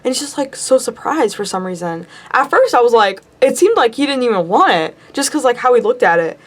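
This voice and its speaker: A woman's voice: a little high, sing-song, fairly quick. Giggly young woman telling a story. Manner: rambling, giggly, breaks into squeals. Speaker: vlogger. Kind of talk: casual storytelling to camera.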